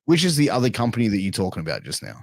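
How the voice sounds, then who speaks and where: A man's voice: lowish voice, huge pitch swings, racing, vocal fry, no echo. Laid-back podcast host man, dry sound. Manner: laid-back, prodding with questions. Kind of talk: casual podcast interview.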